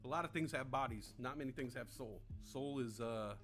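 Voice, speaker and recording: A man's voice: medium pitch, moderate pace, fairly bright tone, soft background music. Profane, rambling man in his forties. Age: 40s. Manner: rambling, profane, swearing freely. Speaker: live stream host. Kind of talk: casual chat reading viewer comments.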